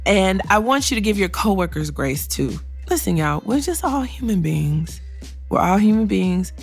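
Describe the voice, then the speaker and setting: A woman's voice: mid-range voice, big pitch swings, moderate pace, creaky, husky, soft background music. A middle-aged woman hosting a career advice podcast, talking bluntly and sassily, with laughs and acted-out quotes. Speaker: podcast host and career coach. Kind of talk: candid solo podcast advice.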